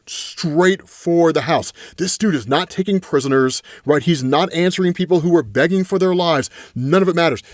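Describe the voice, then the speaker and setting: A man giving a casual, animated comic book recap as a regular host, full of loose fillers. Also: sits high, no echo, clean studio sound.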